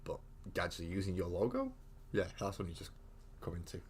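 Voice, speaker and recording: Low-voiced man rambling through a live stream. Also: huge pitch swings, brisk, noisy background. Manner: rambling, thinks aloud with frequent restarts. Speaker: host of a live miniature-painting stream. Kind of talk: casual live-stream chat.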